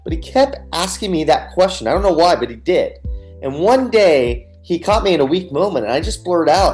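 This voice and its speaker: A man's voice: on the high side, very animated, normal speed, a little mellow, soft background music. A man, a guest on a radio interview, candidly telling his personal story and replaying scenes. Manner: earnest, candid, retells scenes with quoted dialogue.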